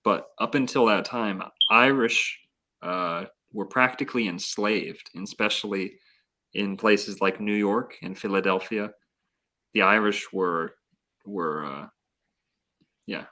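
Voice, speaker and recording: A man's voice: on the low side, takes it slowly, sharp tone. A man telling rambling stories in a casual podcast chat. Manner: rambling, enthusiastic storyteller. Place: Florida.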